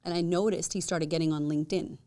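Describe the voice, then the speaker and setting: A woman talking as a guest in a casual podcast conversation. She tells her stories with energy, acts out what people said by jumping up in pitch, laughs often, and swears casually. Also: fast talker. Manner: animated storyteller who acts out quotes with big jumps up in pitch.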